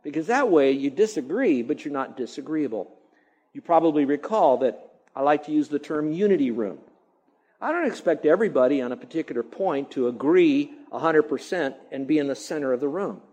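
A man's voice: on the high side, lively intonation, brisk, a little mellow. A middle-aged male pastor preaching a sermon, stretching out key words for emphasis and mimicking grumbling sounds.

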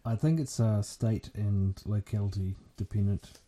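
A New man with a dark, mellow, husky voice talks casually. He hesitates with lots of fillers and pokes fun at himself. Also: fairly low pitch, unhurried. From New Zealand. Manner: hesitant, many fillers, self-deprecating. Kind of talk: casual chat.

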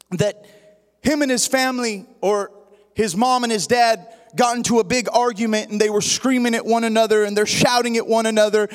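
In a church sanctuary, a man with a very high-pitched voice preaches a sermon, praying and telling a story, at times rising into a sing-song preaching cadence. The sound is that of a big room.

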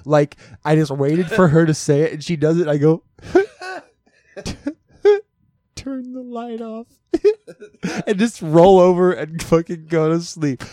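A man's voice: fairly high pitch, measured pace, dark tone, no room sound. A man co-hosting a podcast, telling a funny story in casual chat and laughing through it with rambling restarts. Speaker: podcast co-host.

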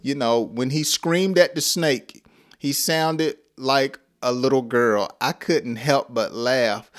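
A man's voice: medium pitch, slow pace. A man teaching an English lesson, acting out example phrases and often breaking into laughter.

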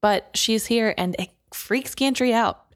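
A woman's voice: on the high side, measured pace, no echo, studio quality. A woman co-hosting a book podcast, chatting casually and asking curious questions. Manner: curious, asks questions, playful. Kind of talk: casual chat.

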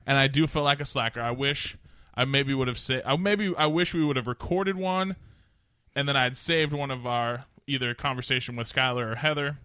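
A man hosting a casual podcast after a few drinks, now and then slipping into a booming mock radio announcer voice. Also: fairly even intonation, moderate pace, sharp tone, smooth, no room sound, clean studio sound. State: tipsy from drinking. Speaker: podcast host. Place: small studio.

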